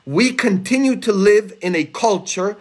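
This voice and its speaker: A man preaching a homily, earnest and emphatic, rising high and intense for rhetorical questions. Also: lively intonation, unhurried. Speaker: priest. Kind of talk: sermon. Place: church, livestreamed.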